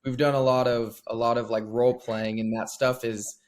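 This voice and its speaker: A man co-hosting a podcast, chatting in a relaxed, unhurried way with hesitant fillers. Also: mid-range voice. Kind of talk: casual conversation.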